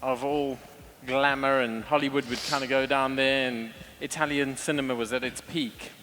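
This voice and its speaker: A man's voice: mid-range voice, fairly even intonation, normal speed, a bit bright, a little hiss or hum. A man who is a lead hairstylist speaks on stage about his creative ideas and classic techniques, reflective and earnest, often restarting his sentences. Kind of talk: stage talk on a creative concept. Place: large event hall on stage. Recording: live hall with long reverb.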